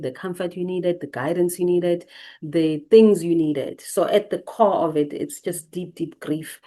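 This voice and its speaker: A woman host giving a reflective teaching monologue, speaking gently with repeated, emphatic phrases. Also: lowish voice. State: briefly emotional.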